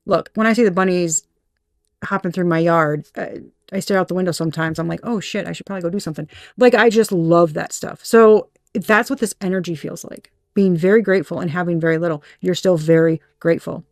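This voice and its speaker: A woman's voice: lowish voice, brisk, dry recording, studio quality. A woman giving a casual tarot reading, candid and profane, laughing often and acting out little quoted voices. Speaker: tarot reader.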